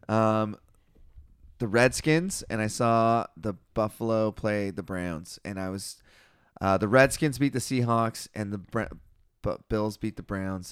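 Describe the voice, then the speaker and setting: A man hosting a podcast in crude, casual chat. He is excitable, swears freely and laughs often. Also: on the low side, smooth, dry recording, studio quality. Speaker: podcast host.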